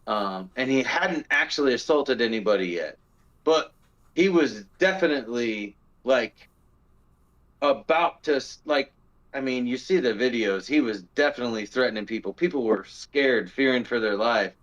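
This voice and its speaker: A man's voice: mid-range voice, expressive, normal speed, fairly bright tone, highs cut off. A man co-hosting a podcast, telling stories in casual chat with plenty of fillers and restarts. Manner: rambling storytelling, many fillers and restarts. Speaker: podcast co-host. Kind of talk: casual discussion.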